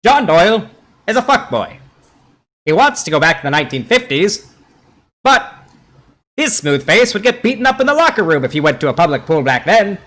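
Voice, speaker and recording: A man's voice: high voice, sing-song, moderate pace, long pauses, a bit bright, pitched above the performer's own voice, full character voice. A man doing a sneering old-time radio demon announcer. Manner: mocking, insulting.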